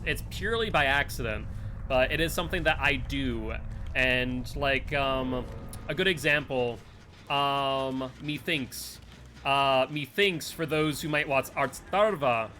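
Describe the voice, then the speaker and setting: A man's voice: medium pitch, pushed and bright, a little hiss or hum. A man with a Northeastern US accent, streaming a game live and rambling to chat between plays. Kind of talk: live gameplay commentary and chat.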